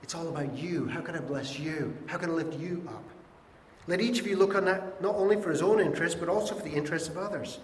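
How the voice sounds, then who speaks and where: Guy giving a sermon, kinda higher voice, roomy hall echo, bit of background hum. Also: fast. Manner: acts out quoted voices, conversational and earnest. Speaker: pastor. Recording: echoey hall with faint ambience.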